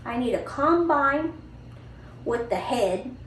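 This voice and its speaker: A woman's voice: high voice, expressive, takes it slowly, slight background noise. A woman voicing a shy, stubborn little farm boy who states what he wants bluntly. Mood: matter-of-fact. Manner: blunt, matter-of-fact demands. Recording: roomy, distant mic, faint ambience.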